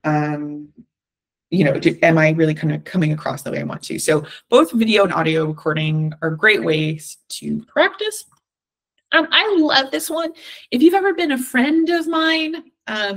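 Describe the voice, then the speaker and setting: Woman, Valley Girl accent, slightly high voice; encouraging workshop speaker, chatty with plenty of ums. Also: a bit bright. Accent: Southern California Valley Girl. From Southern California. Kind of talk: livestreamed workshop talk.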